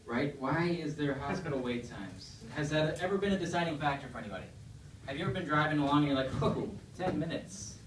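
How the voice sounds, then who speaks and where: A man's voice: fairly high pitch, expressive, fast talker. Echoey stand-up comedian man. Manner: conversational, asks the crowd questions. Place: comedy club stage. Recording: echoey room, distant mic, faint noise.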